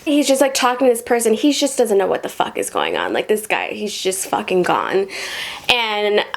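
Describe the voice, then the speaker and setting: A woman's voice: medium pitch, huge pitch swings, moderate pace, creaky. A young adult woman telling rideshare driving stories in a casual, rambling, profane vlog style, with lots of "like".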